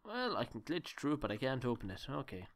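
A man's voice: medium pitch, big pitch swings, quick pace. A man giving joking, rambling commentary while playing a horror game, talking to himself. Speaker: let's play gamer. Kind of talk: gameplay commentary.

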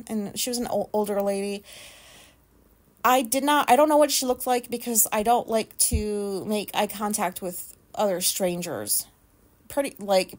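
A woman hosting a solo podcast, telling a rambling, profane story in an animated way. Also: medium pitch. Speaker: podcast host.

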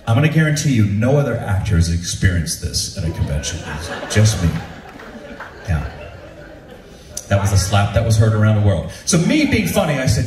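A man's voice: normal speed, a little hiss or hum. A man, an actor, telling a comic convention story live on stage and acting out the people in it. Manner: animated, acts out quoted voices with big pitch jumps. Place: large room with a live audience, from far off. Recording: echoey room, distant mic, faint ambience.

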